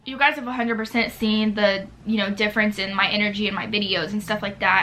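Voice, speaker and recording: A woman's voice: on the high side, pushed and bright. A nineteen-year-old woman chatting casually through a Q&A while eating at home, with lots of filler words. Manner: chatty, filler-heavy, talks with mouth full. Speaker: YouTuber. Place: home near a street.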